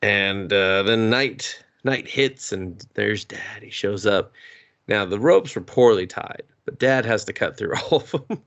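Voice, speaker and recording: Animated profane man recapping a film. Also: fairly low pitch, measured pace, muffled recording. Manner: animated, swears freely, acts out characters' lines. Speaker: podcast co-host. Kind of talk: casual profane movie recap.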